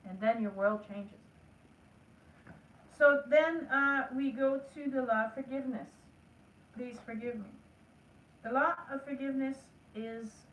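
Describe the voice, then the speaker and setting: A woman's fairly high, fairly bright voice carries through an echoey room, distant and lo-fi with a little hiss or hum. As an energy work teacher she coaches earnestly through a spiritual lesson, performing the inner conversation she asks listeners to have with themselves.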